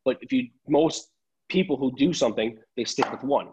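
A man's voice: mid-range voice, normal speed, darkish tone, husky, rough recording. A man, a tailor chatting casually on a podcast, rambling and restarting his sentences.

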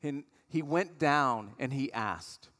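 A man's voice: medium pitch, animated, slow pace, a bit bright. A man, a pastor giving a sermon in a conversational storytelling way. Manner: conversational storytelling, acting out voices of the people in the story. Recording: long hall reverb.

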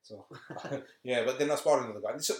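A man's voice: medium pitch, a little fast. Rambling man in an echoey room. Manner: laughing, rambling storyteller. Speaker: podcast co-host. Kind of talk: casual chat. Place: home room.

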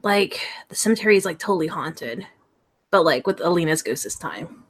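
A woman voicing a gossipy teenage boy classmate who whispers rumors in a hushed, rambling teen drawl. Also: lowish voice, moderate pace, natural voice. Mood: conspiratorial. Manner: hushed, conspiratorial, filler-heavy teen talk.

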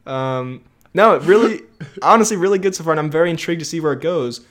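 A man's voice: fairly high pitch, fast, fairly bright tone. A young man co-hosting a podcast in casual chat, rambling and jokey, laughing often. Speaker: podcast co-host.

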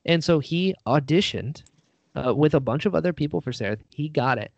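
A man's voice: on the high side, expressive, brisk, dry recording. Chatty man with muffled sound. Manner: rambling, self-deprecating, many fillers and "like". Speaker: guest, actor and writer. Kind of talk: casual interview talk.

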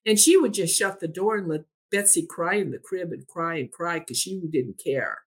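A woman telling a story in a podcast conversation, retelling a back-and-forth dialogue line by line with a steady "I said, he said.". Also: lowish voice, moderate pace, breathy edge.

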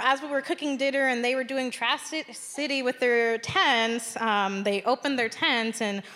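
A woman with a bright, slightly high voice tells a personal story from a stage, animated and conversational, leaning hard into dramatic emphasis. Her voice rings out with the long reverb of a large hall.

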